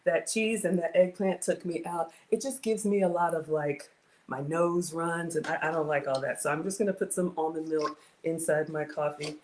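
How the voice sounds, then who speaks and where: A woman's voice: low voice, steady tone, moderate pace, darkish tone, slight background noise. A woman in her forties hosting a casual home cooking livestream from her kitchen, chatty and greeting viewers by name.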